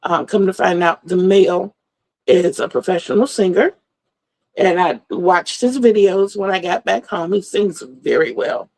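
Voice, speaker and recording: The recording is rough as a middle-aged woman hosts her livestream, saying hi to viewers and rambling through stories. She has a fairly low, slightly mellow voice and an unhurried delivery.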